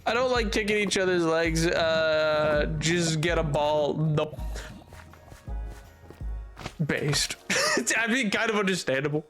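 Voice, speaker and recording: High-voiced man rambling casually on stream. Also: slow, long pauses, fairly bright tone, soft background music. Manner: rambling, frequent restarts and stammers. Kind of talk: casual chat with stream chat while gaming. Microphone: headphones on while streaming.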